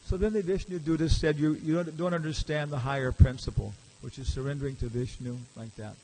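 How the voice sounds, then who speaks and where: A man's voice: fairly high pitch, fairly even intonation, a little fast, mellow. A man giving a casual, storytelling lecture in a temple hall, acting out the characters he quotes and asking the audience questions. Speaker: visiting lecturer.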